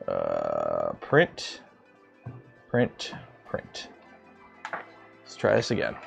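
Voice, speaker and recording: A man's voice: extremely low pitch, huge pitch swings, extremely slow, vocal fry, faint music behind. A man from Canada hosting a casual maker livestream, rambling and joking as he works, swearing now and then and talking to his machines in a home workshop. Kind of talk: casual livestream chat while building.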